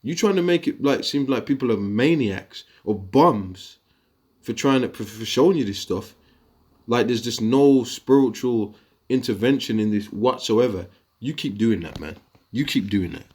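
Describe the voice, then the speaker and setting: A man's voice: medium pitch, expressive, moderate pace, a little mellow, slightly rough. A man giving an informal scripture lesson, rambling and combative, dropping slang asides as he works through the words on his screen. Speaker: video teacher.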